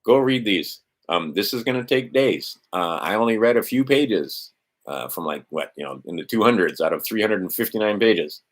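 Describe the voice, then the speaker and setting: Expressive with a lowish voice, the middle-aged host of a legal maxims stream talks at normal speed during a casual screen share. He wanders through a document on screen, adding sardonic asides laced with profanity.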